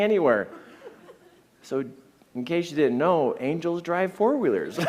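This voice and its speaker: A middle-aged man giving a talk full of personal stories, animated and often laughing between phrases. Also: medium pitch. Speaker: speaker.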